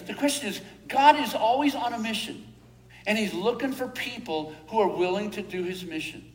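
A man pastor giving a sermon in a church hall, telling a story with frequent chuckles and then praying slowly and earnestly. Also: high-pitched, animated.

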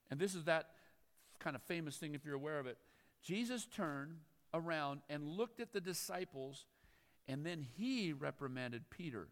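A man's voice: fairly high pitch, animated, normal speed. A man preaching a sermon as a pastor, reading scripture and breaking off into conversational, chuckling asides. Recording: long hall reverb.

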